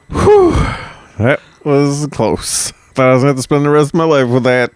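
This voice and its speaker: A man's voice: medium pitch, unhurried, a little mellow, clean tone, no room sound, close to an everyday voice. A man putting on a German accent to play a crude German husband, sighing with exaggerated relief. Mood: relieved. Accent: put-on German.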